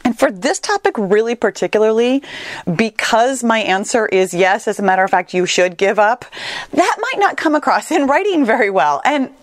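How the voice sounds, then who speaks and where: A woman hosting her own coaching podcast, speaking to listeners in an earnest, caring tone. Her pitch moves a lot as she talks. The sound is dry and close. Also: expressive, normal speed, dry recording. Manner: earnest, reassuring, conversational. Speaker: weight-loss coach, podcast host. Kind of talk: solo podcast monologue.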